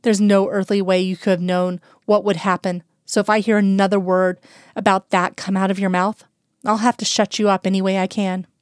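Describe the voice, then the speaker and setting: A caring, firm woman who talks in a hushed, tender way, as a woman reading a story gives her a voice close to her own. The tone is smooth and clear, recorded dry and close, with no room sound. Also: medium pitch, flat delivery, brisk, no echo, close to an everyday voice.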